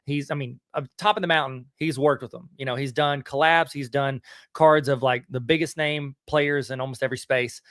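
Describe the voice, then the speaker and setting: A man's voice: mid-range voice, fairly even intonation, normal speed, a bit bright, no echo, clean studio sound. A middle-aged man with a Southern US accent hosting a podcast on a live stream, talking in a casual, slangy way with lots of fillers and restarts. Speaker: podcast host.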